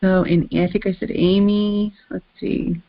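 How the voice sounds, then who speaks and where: A woman's voice: medium pitch, little pitch movement, unhurried, no room sound, dull audio. A woman hosting a casual group call, rambling and laughing as she talks about growing up in the South. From American South. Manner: chatty, rambling, laughs often. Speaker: host.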